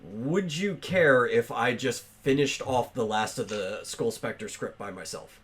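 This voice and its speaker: A man's voice: mid-range voice, measured pace, a bit bright, a little hiss or hum. A man hosting a casual podcast, talking loosely with lots of fillers and restarts. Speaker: podcast host.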